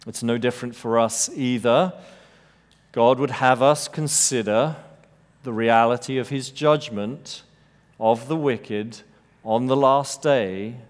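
A man preaching an expository sermon, measured and emphatic, rising to bold peaks and dropping to hushed lows. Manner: measured, emphatic delivery with dramatic rises and hushed drops. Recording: long reverb of a large hall.

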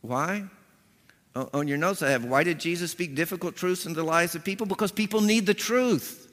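Animated male pastor in an echoing hall. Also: a little high, moderate pace. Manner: animated storytelling, acting out voices with punchy emphasis. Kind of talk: sermon. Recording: long hall reverb.

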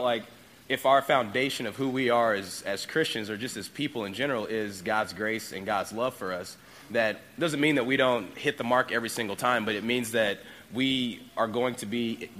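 A man's voice: lowish voice, moderate pace, fairly bright tone, a little hiss or hum. A man sharing a short devotional thought in church, talking loosely and casually with small fillers.

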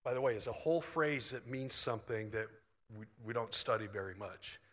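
A man's voice: mid-range voice, fairly quick, fairly bright tone. A middle-aged man preaching a sermon in a loose, conversational, self-deprecating way. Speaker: pastor. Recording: long hall reverb.

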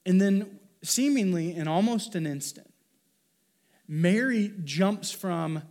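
A man's voice: on the high side, a little slow, darkish tone. A man preaching a sermon as pastor, talking in an earnest, conversational way with fillers and restarts.

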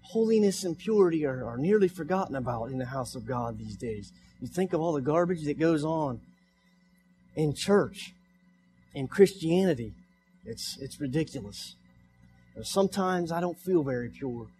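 A man's voice: on the high side, lively intonation, moderate pace, mellow, soft background music. A young man preaching a sermon in church, repeating his points with rising emphasis. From United States. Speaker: pastor. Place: church sanctuary.

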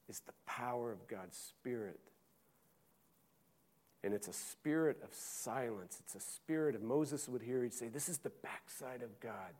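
Male pastor, mid-pitched voice, dramatic sermon delivery with loud and hushed passages. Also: animated. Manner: swings from loud urgent preaching to hushed slow reading.

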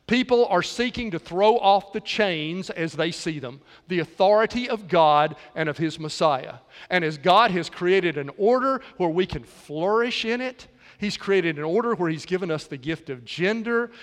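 A man preaching a sermon, with dramatic pauses and shifts between loud and soft passages. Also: sits high. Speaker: pastor. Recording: long hall reverb.

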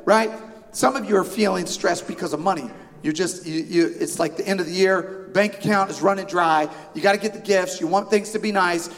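A man's voice: sits high, a little fast. A middle-aged man preaching a sermon, telling a family story with self-deprecating humor and asides to the congregation. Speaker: pastor. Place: church sanctuary. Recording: long hall reverb.

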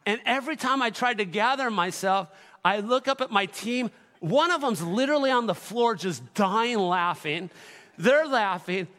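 A middle-aged man preaching a sermon in a church, telling stories animatedly and building to shouted exhortation. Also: high-pitched, normal speed. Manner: animated storytelling with laughter, rising to shouted exhortation. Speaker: pastor. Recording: echoey church hall.

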